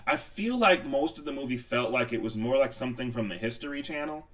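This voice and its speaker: A man's voice: medium pitch, a little fast, far from the mic. A man co-hosting a casual movie podcast, telling stories with acted-out quotes and frequent laughter. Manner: animated storyteller, acts out quotes, laughs a lot. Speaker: podcast co-host. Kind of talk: casual movie review chat.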